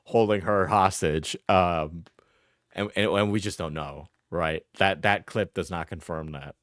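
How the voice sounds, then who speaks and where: A man's voice: low-pitched, a little slow, fairly bright tone, no echo, clean studio sound. A man streaming live, reacting to videos with mocking, profane commentary and frequent laughter.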